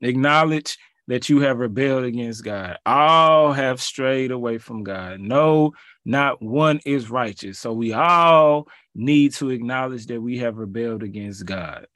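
A man reads scripture and preaches with a pleading, urgent delivery. He slips into casual, colloquial asides between the verses. The sound is dry and close, with mid-range pitch. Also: unhurried, a bit bright, no room sound. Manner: pleading, rising to emphatic peaks. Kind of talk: bible reading and preaching.

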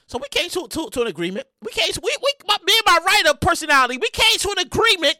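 A male podcast host rants through his comedic commentary, loud and restless. His voice is high and bright, swinging widely in pitch and breaking into shouts. The mic sounds close and dry. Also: racing, few pauses, no room sound. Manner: loud, animated, repetitive, swears freely, bursts into shouting.

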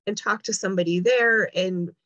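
A woman's voice: medium pitch, moderate pace, fairly bright tone, dry recording, dull audio. A woman telling a long story in casual chat, acting out the lines of people she quotes. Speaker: guest.

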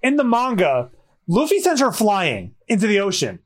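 Guy cohosting a chill manga podcast, high voice, super animated. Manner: animated, laughing, quick asides. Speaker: podcast co-host. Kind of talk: casual chat, manga readthrough.

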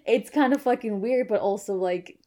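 A woman's voice: medium pitch, normal speed, dark tone. A woman co-hosting a casual movie podcast, gushing about a film with lots of fillers and swearing. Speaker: podcast co-host.

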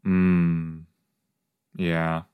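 A man's voice: sits low, completely flat delivery, very slow, smooth, phone-quality sound. A young man chatting casually as a podcast host reacting to a TV episode, rambling, playful and easily startled. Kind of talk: casual watch-along commentary.

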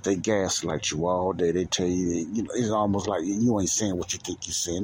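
A man's voice: low-pitched, moderate pace, few pauses, a little hiss or hum. A man, hosting a solo show and delivering an angry, preachy monologue that repeats its points and rises to emphatic outbursts. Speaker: podcast host.

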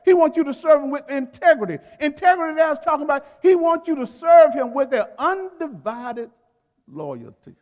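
A man's voice: very high-pitched, a little fast, hardly any pauses, darkish tone. A man preaching a sermon in a church, calling on the congregation to repeat key words and stretching out his emphatic phrases. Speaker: pastor. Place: church sanctuary. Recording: long reverb of a large hall.

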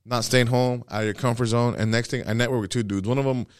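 A man who works as a stand-up comedian rattles through stories at a quick clip, acting out the people in them. His voice sits at an ordinary pitch. The recording is dry and close, with no room sound. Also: no echo. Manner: animated storyteller, acts out other voices. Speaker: stand-up comedian, podcast guest. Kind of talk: casual podcast chat.

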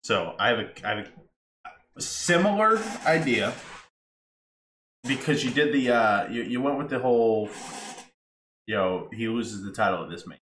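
A man co-hosting a podcast who chimes in with questions and lays out his own ideas in a measured way. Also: medium pitch, animated, a bit bright. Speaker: podcast co-host. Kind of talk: casual chat. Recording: echoey room with faint noise.

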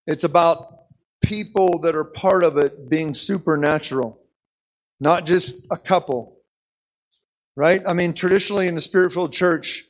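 A man's voice: on the high side, low-quality recording. An American man preaching an impassioned sermon, repeating phrases and leading the congregation in call-and-response.

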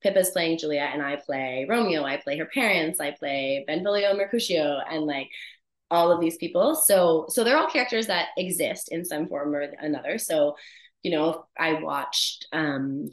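A woman actor chatting as an interview guest, animated and laughing often as she tells stories about her work. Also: low voice, moderate pace, reverberant. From Canada. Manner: animated storyteller, laughs often, many restarts. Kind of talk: casual interview chat.

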